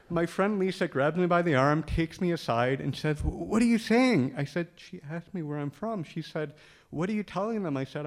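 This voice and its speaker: A man with a slightly higher voice tells a personal story with humor. He acts out the dialogue of the people in it and laughs easily along the way. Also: darkish tone. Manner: laughs often. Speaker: speaker telling his story. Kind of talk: storytelling talk.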